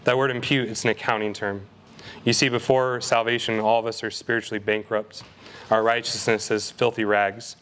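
A young man preaching a sermon as a guest speaker at a college ministry, earnest and emphatic, slowing down to read scripture aloud. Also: on the low side, flat delivery, fairly bright tone.

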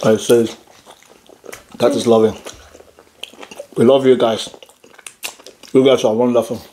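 A man's voice: medium pitch, flat delivery, slow, warm tone, slight background noise. A man hosting a casual family eating video at home, teasing his daughter and laughing often while he eats. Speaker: father and channel host. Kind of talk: casual family mukbang chat.

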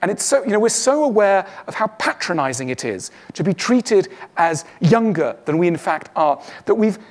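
A man's voice: sits high, big pitch swings, moderate pace. A man giving a witty stage talk to an audience, acting out the voices he quotes. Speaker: public speaker.

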